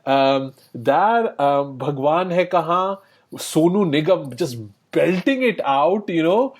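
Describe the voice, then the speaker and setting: A man's voice: on the high side, expressive, takes it slowly. A man co-hosting a podcast, chatting about films in an enthusiastic, rambling way and laughing often. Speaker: podcast co-host. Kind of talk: casual film discussion.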